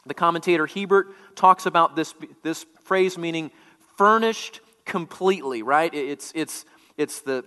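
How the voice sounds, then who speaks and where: A man's voice: on the high side, bright, forceful tone, clear, resonant tone, long reverb tail. A man preaching a sermon, explaining scripture word by word as a teacher, often repeating words as he restarts.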